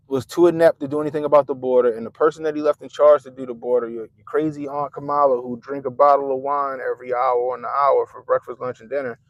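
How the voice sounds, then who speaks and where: A man hosting a profane political commentary rant, mocking and animated, with sudden loud jumps and muttered asides. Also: fairly high pitch, no room sound. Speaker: commentary channel host.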